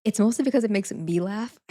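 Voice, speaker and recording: A young adult woman chats casually on a live stream in a fairly high-pitched, darkish voice. She laughs often, says "like" a lot and thanks viewers over and over.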